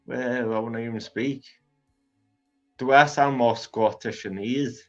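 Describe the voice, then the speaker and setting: A man's voice: mid-range voice, steady tone, a little slow. A man hosting comedic news commentary, full of sarcastic, mocking asides. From Teesside, England. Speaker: host. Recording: dull lo-fi audio with faint music.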